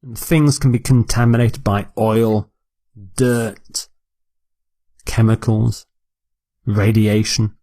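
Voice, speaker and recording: Slow, deliberate male vocabulary teacher. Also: lowish voice, fairly even intonation, warm tone, no room sound. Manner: repeats each word clearly for learners.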